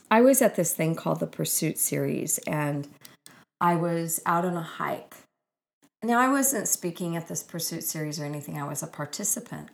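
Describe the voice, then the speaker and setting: Woman author, earnest spiritual storyteller, lowish voice with a gravelly fry. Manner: warm, earnest and spiritual, with gushing exclamations. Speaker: author and speaker. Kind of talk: inspirational personal storytelling.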